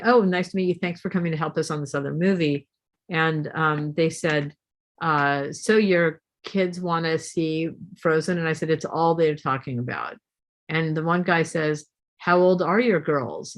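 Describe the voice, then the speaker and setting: Storytelling woman quizzing her audience. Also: deep voice. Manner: lively, asks the audience questions. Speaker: guest speaker, professor.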